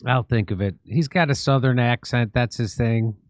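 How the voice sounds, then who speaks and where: A man's voice: mid-range voice, normal speed, dry recording, studio quality. A man hosting a comedy talk show, laughing often and stumbling over his words. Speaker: host.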